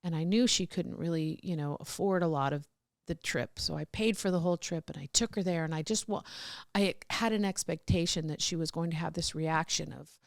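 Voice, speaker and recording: A woman's voice: sits low, fairly quick, vocal fry, hardly any pauses, dry recording, clean studio sound. A middle-aged woman telling candid personal stories as a podcast guest, rambling with restarts and laughs.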